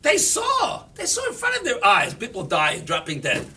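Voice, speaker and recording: A man giving an animated, emphatic Torah talk on the weekly portion as a rabbi, sprinkling in Yiddish and Hebrew terms. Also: very high voice, normal speed, far from the mic, a little hiss or hum.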